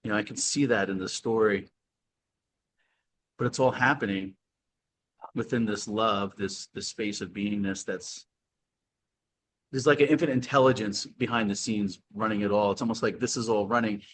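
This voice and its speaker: A man who is a guest in a casual spiritual conversation over a video call, playful and animated, often laughing. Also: lowish voice, moderate pace, long pauses, slight background noise.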